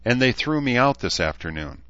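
A man voicing a young female unicorn who squeaks and gushes plaintively, on a dull lo-fi recording. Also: sing-song, normal speed, a bit bright, no echo. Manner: plaintive and gushing.

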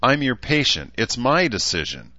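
A man's voice: mid-range voice, big pitch swings, moderate pace, pushed and bright, no echo, highs cut off, pitched above the performer's own voice. A man voicing a sulky, defiant teenage girl who talks back hotly.

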